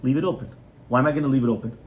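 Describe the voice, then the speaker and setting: Speaking very fast in a medium-pitched, darkish voice, a rabbi holds a conversational Torah class on child education for a small group in a home. He keeps checking in with "right?", and a little hiss or hum is audible.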